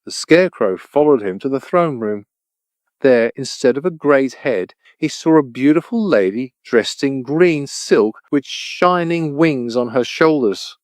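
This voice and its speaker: A man narrating a children's storybook audiobook in an even, clear storytelling voice. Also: mid-range voice, measured pace, dry recording.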